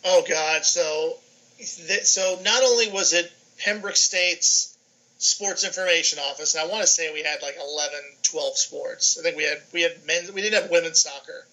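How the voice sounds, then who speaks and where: A middle-aged man from New York, a guest on a video call, telling lively stories and acting out the dialogue in them. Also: fairly high pitch, moderate pace, low-quality recording. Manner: animated, acts out dialogue in his anecdotes. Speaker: guest, sports information director. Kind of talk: casual storytelling on a podcast.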